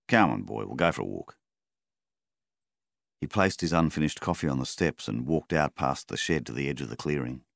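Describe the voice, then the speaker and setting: A man narrating a novel in a measured, unhurried way. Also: extremely low pitch, gravelly, no echo, clean studio sound. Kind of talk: audiobook narration.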